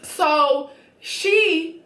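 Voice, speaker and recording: A woman with a high voice gives a casual reality show recap, sassy and blunt. She talks with animated attitude. Her voice rings in a roomy space with a noticeable echo. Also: very slow.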